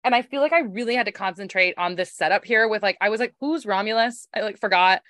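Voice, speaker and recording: Bright-voiced woman podcast host. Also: mid-range voice, fast, dry recording, clean studio sound. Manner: animated, laughing, swearing, puts on silly voices. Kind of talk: casual book-club chat.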